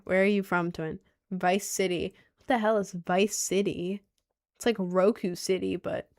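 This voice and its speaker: A young woman hosting a casual livestream, answering her chat in a rambling, giggly way and often repeating herself. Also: mid-range voice. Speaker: livestream host reading chat.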